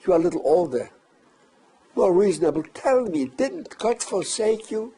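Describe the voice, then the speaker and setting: An older man voicing an angry, incredulous middle-aged German factory boss who shouts and scolds. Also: high-pitched, lively intonation, moderate pace, slightly rough, pitched above the performer's own voice. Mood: demanding.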